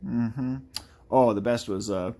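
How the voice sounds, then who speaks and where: A man's voice: on the low side, moderate pace, a little mellow. A man chatting casually and animatedly while drawing, often slipping into playful impressions of game characters. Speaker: artist streaming a live drawing session.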